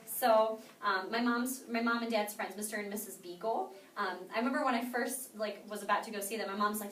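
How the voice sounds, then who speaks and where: Young woman, sales trainer, quick upbeat delivery, quizzing a class, distant mic in an echoey room. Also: medium pitch, a bit bright.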